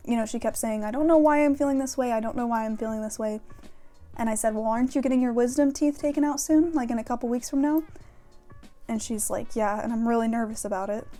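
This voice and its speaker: A woman's voice: on the high side, dark tone. A young woman vlogging frankly and casually, with plenty of fillers and casual swearing. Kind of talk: candid talk to camera about mental health.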